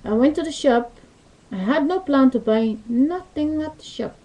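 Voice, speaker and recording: A woman vlogger with a high, warm, animated voice tells a rambling, casual story into her webcam at a moderate pace, using loose, non-native English grammar. The webcam mic gives poor audio.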